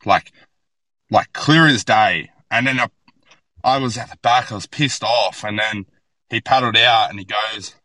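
A young man with an Australian accent talking casually on a podcast, his voice lowish but sharply bright. He tells stories bluntly and swears often, recorded dry and close. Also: a little slow, no echo, rough recording. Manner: blunt, profane, animated storytelling. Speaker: podcast guest, bodyboarder.

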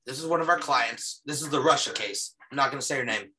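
Speaking quickly in a medium-pitched, bright and forceful voice, a man walks a podcast through his paranormal case footage. His manner is earnest and casual with lots of restarts, and his voice is slightly going.

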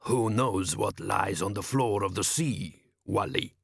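A shrewd desert lord who speaks slowly and coolly, never raising his voice, as a male narrator puts him on. His dry, measured questions land in a close, dry recording. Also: fairly low pitch, vocal fry, breathy edge, no room sound, exaggerated voice.

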